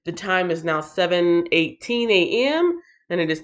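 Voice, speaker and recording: A woman from Texas with a lowish voice hosts a casual livestream, chatting with viewers and reading chat comments at a measured pace while tired after a night shift. She is animated and playful, slipping into sing-song bits, and her pitch swings widely up and down. The stream audio sounds dull and lo-fi.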